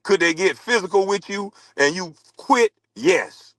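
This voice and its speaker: Brief: male ex-athlete, angry mocking rant, higher voice, dry close mic. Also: animated, unhurried, a bit bright, dry recording, poor audio. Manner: scornful, mocking, repeats taunts. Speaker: former pro basketball player. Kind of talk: heated rant. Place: podcast studio.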